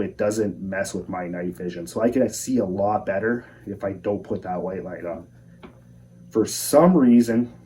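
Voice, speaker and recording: A young man calmly telling his own outdoor encounter story in a measured, plain-spoken way. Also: fairly low pitch. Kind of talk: first-person encounter storytelling. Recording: voice a bit far from the mic.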